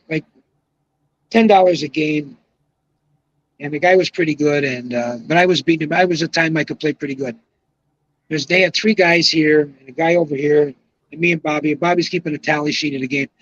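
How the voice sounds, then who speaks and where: A man's voice: on the high side, a bit bright, no room sound, muffled recording. A man in his seventies, a retired bowling pro, telling long rambling stories with emphatic asides in casual podcast conversation. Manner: rambling, emphatic anecdotal storyteller. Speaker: guest, retired pro bowler.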